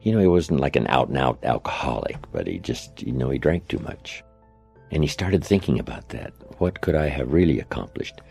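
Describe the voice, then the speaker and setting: A man's voice: very deep voice, very animated, fairly quick, creaky, a little mellow, slightly rough, soft background music. An older man giving a motivational speech, telling stories in a conversational, anecdotal way with tag questions. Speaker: motivational speaker. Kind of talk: storytelling speech. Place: lecture setting, played from an archive recording.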